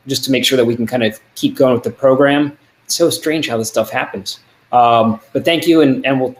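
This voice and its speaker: A man hosting a live online arts event, talking casually with many fillers and apologies. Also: mid-range voice. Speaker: event host. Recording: echoey room.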